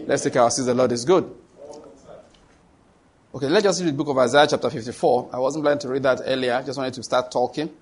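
A man preaching a sermon as pastor, emphatic with sudden loud rises and rhetorical questions. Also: mid-range voice, fast, crowd noise.

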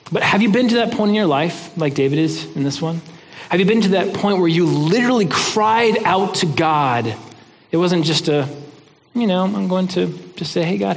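A man's voice: on the high side, long reverb tail. A man giving a sermon in an earnest, conversational way, often restarting his words. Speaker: pastor.

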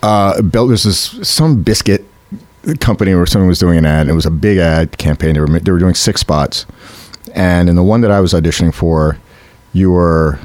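A man with a very low, deep voice tells a story in a relaxed, conversational way. He is animated and laughs as he goes, jumping into the voices of the people he quotes. The sound is dry and close, with no room around it. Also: normal speed, dry recording. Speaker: actor telling an audition story. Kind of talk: casual storytelling chat.

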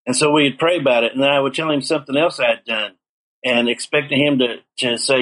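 A man's voice: mid-range voice, steady tone, quick pace, a bit bright, low-quality recording. A middle-aged man earnestly telling his life story in an interview, acting out the dialogue he quotes. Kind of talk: personal testimony in an interview.

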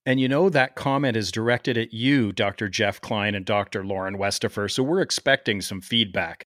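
A man's voice: lowish voice, moderate pace, no echo, studio quality. A man from Canada hosting a medical podcast, joking and teasing in casual chat. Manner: jokey, animated, teasing. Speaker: podcast host.

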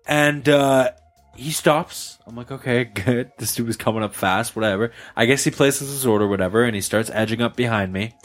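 A man's voice: medium pitch, fairly quick, soft background music. A man telling a story in casual chat with friends, swearing and acting out the voices of the people in it. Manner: animated, swears a lot, acts out voices. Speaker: podcast host telling a story.

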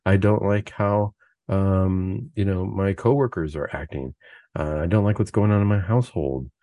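A man's voice: low-pitched, moderate pace, no room sound, dull audio. A man hosting a Catholic talk show, giving an earnest, conversational spiritual reflection full of rhetorical questions. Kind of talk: spoken reflection, casual preaching.

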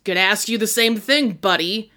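A woman's voice: medium pitch, normal speed, sharp tone, natural voice. A woman voicing a hot-tempered, menacing man who talks bluntly and threateningly.

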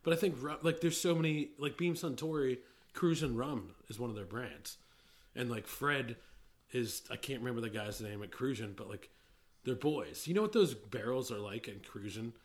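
Middle-aged man, average pitch, loose rambling talker who cuts himself off and laughs a lot; casual podcast co-host. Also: moderate pace. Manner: rambling, self-interrupting, laughs easily. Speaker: podcast co-host, whiskey industry veteran. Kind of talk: casual chat.

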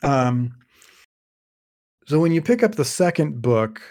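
Very animated but slow, a man with a medium-pitched, darkish voice summarizes a fantasy novel in casual chat. As a podcast host he rambles, restarting frequently and using many fillers.

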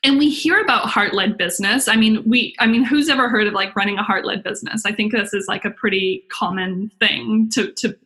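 A young woman, a business coach and podcast host, giving a chatty, excitable webinar talk full of "like" and acted-out inner voices. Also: medium pitch, a little fast, few pauses.

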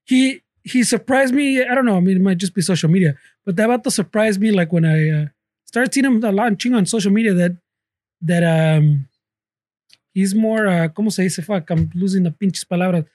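A man's voice: sits high, brisk, a little mellow, no echo, studio quality. A man hosting a podcast, chatting casually in profane slang and often groping for words. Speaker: podcast host.

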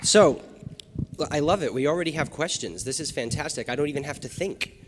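A man moderating a fan panel, joking with the crowd and hyping it up with direct, energetic talk. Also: fairly high pitch, brisk, slight background noise. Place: large half-full stadium. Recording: long reverb of a big arena.

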